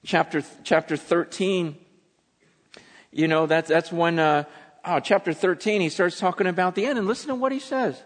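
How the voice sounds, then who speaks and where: A pastor delivers his sermon in a relaxed, blunt, conversational way. His man's voice sits a little high, and a long reverb trails every line through the large hall. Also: normal speed. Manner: conversational, blunt, paraphrases scripture in casual voices.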